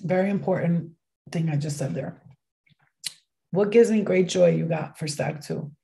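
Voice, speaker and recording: A woman's voice: fairly low pitch, measured pace, creaky, dark tone. A woman giving a casual livestream tarot reading, chatty and rambling, swearing casually as she goes. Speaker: tarot card reader.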